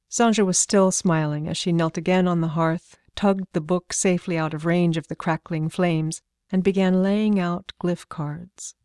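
A woman narrating an audiobook in a calm, measured way. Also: lowish voice, clear, resonant tone, no room sound, studio quality.

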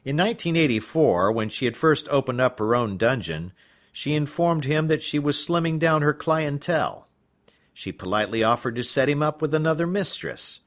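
A man narrating a novel as an audiobook in an expressive storytelling manner. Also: on the high side, moderate pace.

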